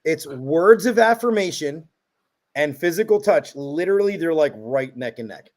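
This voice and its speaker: A middle-aged man, a guest on a podcast, chatting casually and telling animated, rambling stories. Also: fairly high pitch, normal speed.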